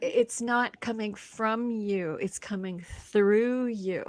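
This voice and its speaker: A woman's voice: mid-range voice, slow pace, no echo. A woman guest on a talk show, an energy and intuition instructor, chatting casually and acting out stories with frequent laughs. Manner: animated storyteller, acts out quotes, laughs often. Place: broadcast studio.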